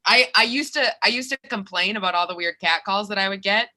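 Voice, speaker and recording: A young woman from Minnesota, a comedian performing a self-mocking stand-up set over a video call from her bedroom, with quick restarts. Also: mid-range voice, pushed and bright. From Minnesota, USA.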